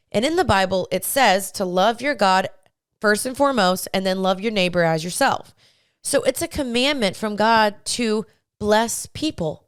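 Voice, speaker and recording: A young woman hosts a faith-based advice podcast with a smooth, clear voice. She talks straight to her listeners, chatty and encouraging. The sound is dry and close. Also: mid-range voice, dry recording. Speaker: podcast host.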